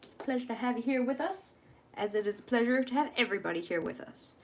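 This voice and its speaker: On a live stream from home, a young woman rambles and laughs at herself while working on her journal. Her voice is on the high side, animated and fast, with slight background noise.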